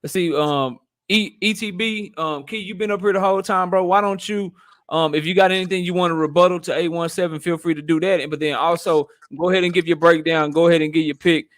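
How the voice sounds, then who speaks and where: Fast-talking man hosting a casual panel. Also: on the high side, no echo, studio quality. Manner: relaxed slangy moderator, hands out turns. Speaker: host. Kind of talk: casual online panel chat.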